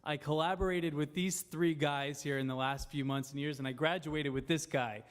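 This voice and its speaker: A man's voice: fairly high pitch, steady tone, moderate pace. A man, a TV meteorologist, introducing himself to a seminar audience in a chatty way with plenty of fillers and asides. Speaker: TV meteorologist on a panel. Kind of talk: informal panel introduction. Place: seminar room before an audience.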